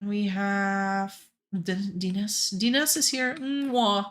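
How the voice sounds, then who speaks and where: A woman's voice: fairly high pitch, lively intonation, measured pace, bright, forceful tone. A woman streaming a game, chatting casually and playfully with the other players and her viewers.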